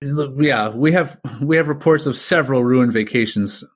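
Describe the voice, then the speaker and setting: A man's voice: mid-range voice, normal speed. A young man co-hosting a podcast, chatting casually, laughing often and putting on playful mock voices. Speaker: podcast co-host. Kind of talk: casual comedic chat, reading a story aloud.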